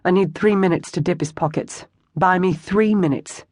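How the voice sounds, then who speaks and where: An audiobook narrator voicing a bold young woman who plans a street scheme, speaking briskly and to the point. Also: medium pitch, darkish tone, no room sound, studio quality, voice pushed up, lightly acted.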